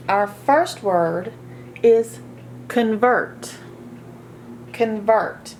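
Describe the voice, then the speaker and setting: A woman teaches a phonics lesson at a very slow, careful pace. She repeats each word several times so listeners can follow along. A faint hiss of background noise sits under her voice. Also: mid-range voice, a little mellow. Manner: slow, deliberate, repeats words for practice. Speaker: reading teacher.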